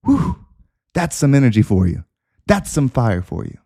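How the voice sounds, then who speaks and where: A man's voice: medium pitch, big pitch swings, moderate pace, warm tone. A man hosting a podcast, delivering an intense, repetitive motivational monologue with preacher-like emphasis. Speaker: podcast host.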